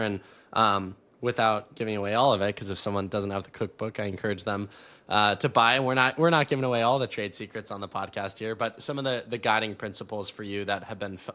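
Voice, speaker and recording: Slightly low-voiced male podcast host. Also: sharp tone. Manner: friendly, rambling multi-part questions. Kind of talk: casual podcast interview.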